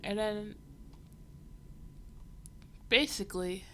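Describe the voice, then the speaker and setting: A woman's voice: mid-range voice, drawn-out words, a little hiss or hum. A woman livestreaming as she reads a comic, giving a rambling, wry running commentary full of fillers. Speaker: livestreamer reading a comic aloud.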